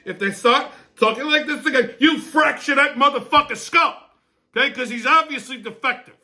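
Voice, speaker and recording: A man's voice: very high voice, normal speed, pushed and bright. A man hosting a comedy show, delivering a crude, brash rant full of swearing and mock outrage. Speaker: show host.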